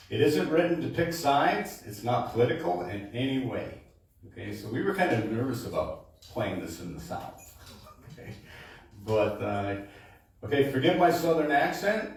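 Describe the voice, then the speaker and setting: A man, a baritone singer, casually introducing his show to a live supper club audience and often checking in with "okay?". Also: darkish tone. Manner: chatty, keeps checking in with "okay?". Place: supper club performance room. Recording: echoey room, distant mic.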